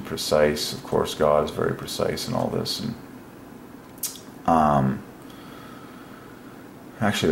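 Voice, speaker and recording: A man hosting a casual solo video, musing aloud and breaking into excited exclamations. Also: very deep voice, creaky. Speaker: religious video host. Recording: echoey room with faint noise.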